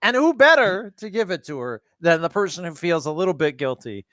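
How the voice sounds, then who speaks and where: A man's voice: fairly high pitch, sing-song, fairly quick, a bit bright, dry recording. A man playing a tabletop role-playing game in character, talking in a playful, scheming way on a close, dry podcast mic. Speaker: player.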